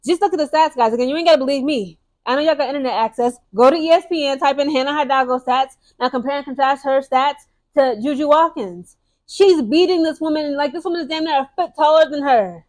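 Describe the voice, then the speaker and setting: Brief: young woman, high voice, casual emphatic sports vlog talk, fast and chatty with restarts. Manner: emphatic, keeps tagging lines with "okay?" and "guys". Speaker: sports commentary vlogger. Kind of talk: casual opinionated sports commentary.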